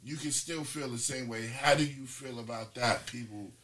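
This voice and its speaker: A man's voice: medium pitch, moderate pace, bright, forceful tone. A man hosting a casual chat, talking loosely with profanity and frequent restarts.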